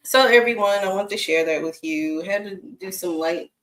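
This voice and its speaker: A woman's voice: mid-range voice, normal speed, fairly bright tone. A woman who works as a single mom coach, telling stories in a casual chatty vlog and laughing often. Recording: echoey room.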